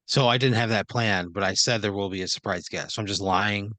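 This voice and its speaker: A man's voice: fairly low pitch, fairly quick, sharp tone, dry recording. A man playing along in an improvised comedy game, answering with exasperated, profane retorts. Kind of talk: casual improv banter.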